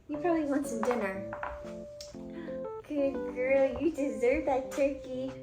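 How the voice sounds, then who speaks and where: Woman pet vlogger, slow sing-song commentary, sweet dog-directed cooing, echoey room with music. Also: sits high. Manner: coos and talks sweetly to her dog. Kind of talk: casual reaction commentary.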